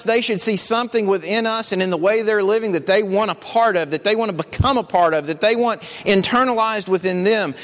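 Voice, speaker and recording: A man's voice: high voice, fairly bright tone, in a large hall. A male preacher giving an earnest sermon, telling stories and often repeating words. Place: church.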